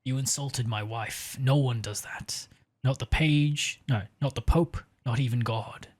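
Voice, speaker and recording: A man putting on the voice of a menacing male crime boss, slow and cold. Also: medium pitch, steady tone, a little mellow, lightly acted. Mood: threatening.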